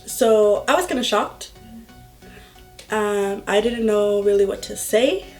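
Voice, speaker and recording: A young woman vlogger telling a personal story in a slow, halting way, full of filler words. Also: mid-range voice, soft background music. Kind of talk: storytime vlog.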